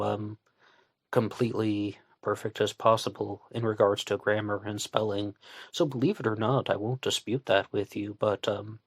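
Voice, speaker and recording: A man with a fairly low voice hosts his show in a relaxed monologue. He meets critics with dry sarcasm. The sound is close and dead, with no room in it. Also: dry recording. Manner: conversational, with sarcastic asides. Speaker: online radio show host. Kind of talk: casual monologue.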